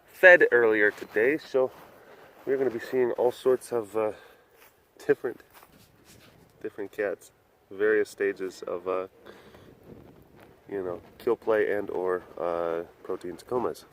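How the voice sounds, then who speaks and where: A man's voice: on the low side, steady tone, slow, long pauses, darkish tone, a little hiss or hum. A man casually talking to the camera and to big cats while walking around an animal compound, rambling and playful. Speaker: big cat facility vlogger. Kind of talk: casual walk-around commentary.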